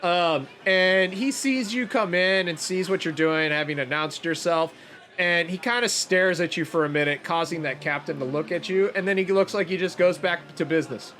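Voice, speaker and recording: Man, game master, relaxed narration, lots of fillers, somewhat high voice. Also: moderate pace.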